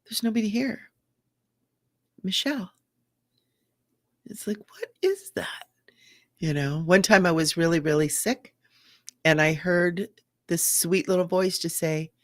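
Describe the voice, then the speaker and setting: A woman's voice: lowish voice, moderate pace, no room sound, studio quality. A middle-aged woman hosting a live stream as a psychic medium, talking in an earnest, chatty way with fillers and restarts and greeting viewers. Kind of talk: casual live-stream talk.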